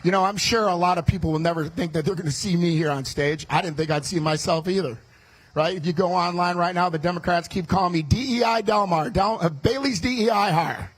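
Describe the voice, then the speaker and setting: A man from the Chicago area giving a fiery rally speech on a state fair stage into a stage microphone, talking fast and loud and shouting his punchlines as a running mate. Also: sits high, poor audio.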